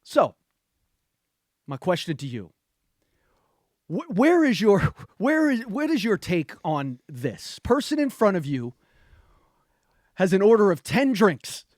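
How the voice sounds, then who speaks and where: A man co-hosting a podcast in casual chat, his voice sitting a little high. He tells everyday stories with animated, chatty energy. The sound is dry and close, with no room around it. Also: takes it slowly, long pauses, no echo. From North Carolina, USA. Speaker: podcast co-host.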